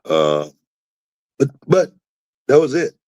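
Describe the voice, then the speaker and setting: A man hosting a talk show, telling a story in a casual, animated way and acting out the quotes with sudden jumps in pitch. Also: slow pace, no room sound, rough recording. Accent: Southern US. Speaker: podcast host, former wrestler.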